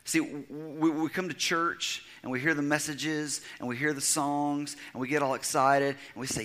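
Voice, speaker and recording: Bright-voiced preacher, loud then hushed. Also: male voice, on the high side, moderate pace, hardly any pauses. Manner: swings from loud emphatic to hushed near-whisper. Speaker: pastor. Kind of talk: sermon.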